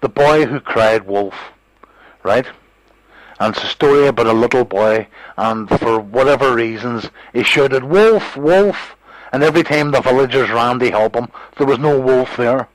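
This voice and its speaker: A man's voice: medium pitch, normal speed, dry recording, low-quality recording. A man in a heated phone argument, scornful, combative and swearing freely. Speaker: phone call participant.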